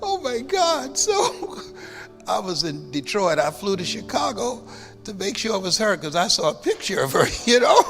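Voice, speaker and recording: A man's voice: high voice, big pitch swings, normal speed, a bit bright. A man giving a motivational speech, telling a story, then leading the audience in call-and-response. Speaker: motivational speaker. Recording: long hall reverb with clear music underneath.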